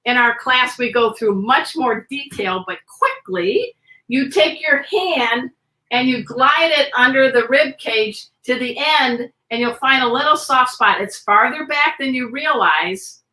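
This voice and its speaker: Energetic woman teaching pet first aid. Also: high-pitched, a little slow. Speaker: pet first aid instructor, show guest. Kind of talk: video podcast interview. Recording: roomy echo.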